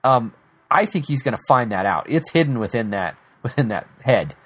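A man's voice: mid-range voice, expressive, normal speed, breathy edge. A man co-hosting a casual TV episode recap, laughing often and restarting his sentences. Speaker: podcast co-host.

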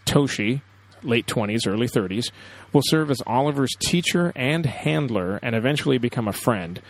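A man's voice: mid-range voice, lively intonation, moderate pace, no echo. Hesitant casual male podcast co-host. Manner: hesitant, many fillers. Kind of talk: casual chat.

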